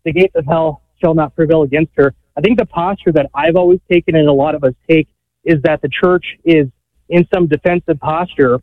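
A man's voice: fairly high pitch, fairly even intonation, fairly quick, dry recording. A man calling in to a radio show, out of breath while working, asking his question earnestly with many fillers. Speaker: caller. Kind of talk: call-in radio talk. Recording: tinny phone line.

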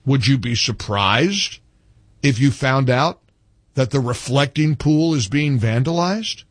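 Sarcasm and indignation drive this male political commentator's opinionated monologue, which he punctuates with animated emphasis. He speaks slowly at a medium pitch, and the recording carries no room sound.

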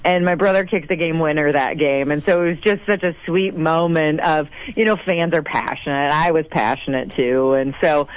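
A woman from South Dakota, a mayor, telling stories in a casual interview with animated, gushing energy. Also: moderate pace, few pauses, dry recording, dull audio. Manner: animated, gushing, acts out quotes in a higher voice.

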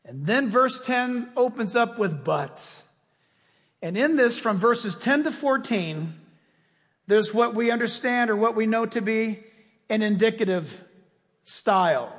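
Man preaching a sermon, very high voice, emphatic and folksy, long echoing hall. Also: a bit bright. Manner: emphatic and folksy, asks the congregation questions.

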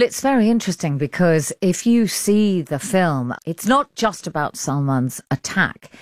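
A woman with an English accent presenting a radio arts programme, with a lively, expressive delivery. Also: lowish voice, no room sound, clean studio sound. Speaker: radio arts show host. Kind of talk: broadcast presenting.

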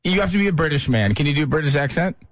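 A man's voice: fairly high pitch, lively intonation, rapid-fire. A man in his thirties hosting a morning radio show in casual, playful banter, laughing often. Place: radio studio. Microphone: studio microphone.

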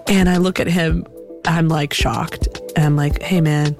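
A woman telling a personal story in an animated, reflective way, with many "like" fillers. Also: low-pitched, measured pace, vocal fry. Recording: music playing behind.

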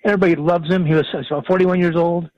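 A man's voice: fairly high pitch, flat delivery, normal speed, dark tone, dry recording. Emotional older man caller on a phone line. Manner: choked up, tender, emotional. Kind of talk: call-in radio talk. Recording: dry dull phone line.

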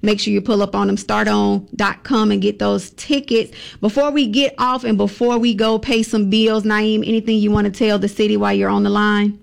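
Southern woman radio host, lively and playful, some vocal fry. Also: mid-range voice, normal speed, hardly any pauses. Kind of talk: casual radio interview.

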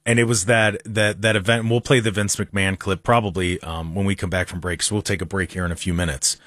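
A man's voice: low-pitched, steady tone, quick pace, fairly bright tone, dry recording, clean studio sound. A man hosting a talk show in casual chat, earnest and prone to repeating words as he talks. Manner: earnest, repeats and restarts words when talking. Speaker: radio talk show host.

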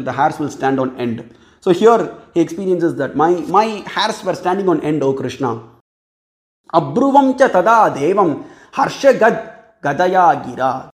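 A man giving a scripture discourse, chanting verses slowly and then explaining them in plain speech. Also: a little high, a little mellow, reverberant. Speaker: scripture teacher.

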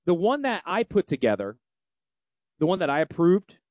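A man with a Yankee accent hosting a financial show, brash and salesy in a folksy promotional pitch. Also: wildly swooping pitch, moderate pace, darkish tone, dry recording. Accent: Northeastern US. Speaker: financial advisor and show host. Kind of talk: promotional radio talk.

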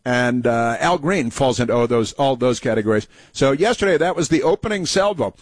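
A male talk host delivers sharp, mocking political commentary full of fillers. His voice sits at an ordinary middle pitch. It is recorded close and dry, with no room sound. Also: expressive, brisk, dry recording. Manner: combative, mocking, many fillers. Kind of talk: political commentary over played clips.

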